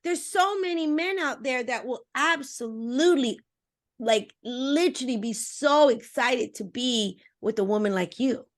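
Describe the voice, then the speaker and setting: A woman dating coach talking as a podcast interview guest, energetic and emphatic, speaking straight to her listeners and acting out little voices. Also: a little slow. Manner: acts out voices with expressive pitch swings.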